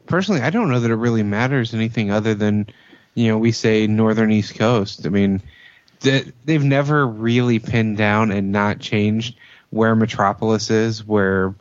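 A man's voice: lowish voice, moderate pace, no echo. A man in a casual group discussion, arguing his points at length, over dry, slightly dull audio.

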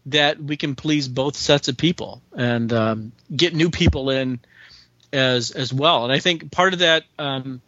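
A man's voice: medium pitch, unhurried, pushed and bright, no room sound. A man in his forties, a writer being interviewed, talking casually and enthusiastically with frequent restarts. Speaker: comic book writer guest. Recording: dry, slightly dull sound.

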